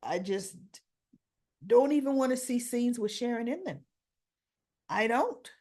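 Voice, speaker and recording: A woman's voice: fairly high pitch, measured pace. Opinionated woman recapping a soap. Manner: opinionated, animated storytelling; acts out characters' dialogue. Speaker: soap opera recap host. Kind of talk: casual spoken recap.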